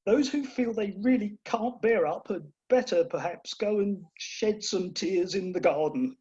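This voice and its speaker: A woman's voice: mid-range voice, unhurried, dark tone, slightly rough. A woman playing a fretful, fussing middle-aged father of the bride in a radio play recorded over a video call. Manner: fussing and exclaiming, theatrical. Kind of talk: Zoom radio play acting. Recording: muffled video-call audio.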